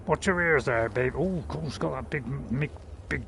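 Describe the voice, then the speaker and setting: A man's voice: a little high, normal speed, gravelly, background noise. A man giving casual, rambling gameplay commentary while playing in virtual reality, joking with viewers and laughing at himself. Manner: chatty and playful, rambling with fillers and self-mocking laughs. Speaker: game streamer.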